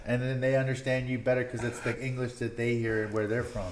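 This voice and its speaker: A man's voice: medium pitch, level tone, quick pace, crowd noise. A young man co-hosting a podcast in casual chat, laid-back and laughing easily, often saying "bro". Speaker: podcast co-host and fighter.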